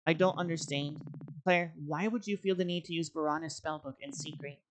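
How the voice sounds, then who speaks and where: Brief: a woman playing a steady, disappointed guild mentor, lowish and measured. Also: a little hiss or hum, natural voice. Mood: earnest. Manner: measured, earnest.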